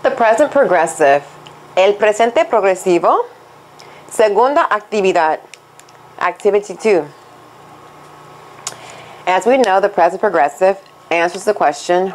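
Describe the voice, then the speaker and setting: Slow, deliberate woman teaching Spanish. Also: fairly low pitch, darkish tone, poor audio. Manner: slow, deliberate teaching delivery, switching between English and Spanish. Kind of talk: scripted language lesson.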